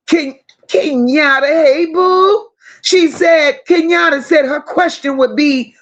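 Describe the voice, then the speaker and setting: Woman host, high voice, slow deliberate delivery, dramatic and slangy as she reads comments aloud. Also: highs cut off. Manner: animated, dramatic, slangy and emphatic. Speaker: livestream host. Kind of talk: casual live chat reading comments.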